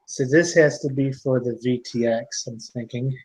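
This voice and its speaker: A man's voice: medium pitch, fairly even intonation, normal speed, a little mellow, husky. A man in casual chat who thinks aloud and asks questions while he works on a drone. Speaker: hobbyist building a drone on stream. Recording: dull lo-fi sound.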